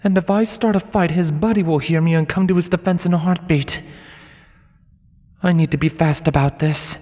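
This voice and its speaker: Man doing a raised-pitch young unicorn mare, wary inner thoughts, reverb-washed, soft music behind. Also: fairly even intonation, normal speed. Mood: troubled. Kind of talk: audiobook fanfiction reading.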